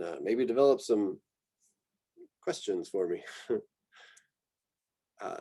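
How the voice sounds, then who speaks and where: Mellow American man giving a lecture. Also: on the low side. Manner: relaxed, thinking aloud with many fillers. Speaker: botany lecturer. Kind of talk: recorded slide presentation.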